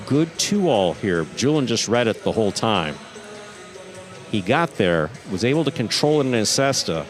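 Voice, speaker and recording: A man calling live play-by-play, his voice leaping up on exciting plays and settling back to explain them. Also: medium pitch. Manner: animated, voice jumps up on exciting plays. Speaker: play-by-play commentator. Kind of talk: live sports commentary.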